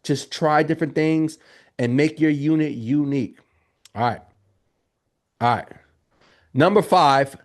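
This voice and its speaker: A man coaching viewers in casual livestream talk, animated and calling to the chat. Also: on the high side. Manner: animated, talks straight to the chat with lots of y'all. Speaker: Airbnb business coach. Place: home office.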